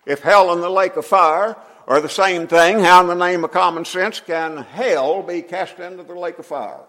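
An older man preaching a sermon in a folksy way, often clearing his throat between phrases. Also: sits high, moderate pace, a bit bright. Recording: long hall reverb.

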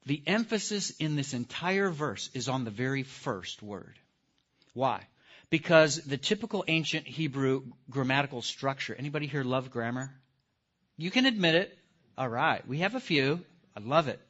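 A man teaching a live class in a lively lecture, putting questions to the audience and stressing key words. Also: mid-range voice, moderate pace. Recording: dull lo-fi recording.

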